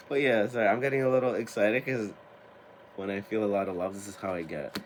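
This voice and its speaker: A man in his twenties who hosts a tarot and spiritual channel, talking casually to camera, getting excited, laughing often and swearing now and then. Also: lowish voice, fairly quick, slight background noise.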